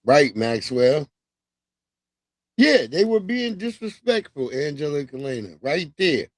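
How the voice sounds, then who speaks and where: A man's voice: a little high, big pitch swings, a little slow, dry recording. A man hosting a livestream, talking in a loose, profane, slangy way and laughing as he tells stories. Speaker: livestream host. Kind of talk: casual commentary monologue.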